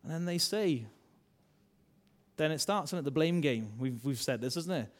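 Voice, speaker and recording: A man's voice: fairly high pitch, expressive, moderate pace. A man preaching a sermon, asking his congregation rhetorical questions. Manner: conversational, asks rhetorical questions; acts out voices of biblical characters.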